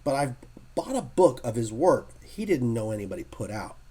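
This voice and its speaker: Husky man telling animated stories. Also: mid-range voice, moderate pace. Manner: animated storyteller who acts out quotes. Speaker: guest comic artist. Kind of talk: casual storytelling interview.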